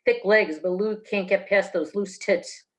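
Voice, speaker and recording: A woman's voice: medium pitch, unhurried. Woman reading gritty noir fiction aloud. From New Jersey. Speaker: author reading her work. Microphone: video call.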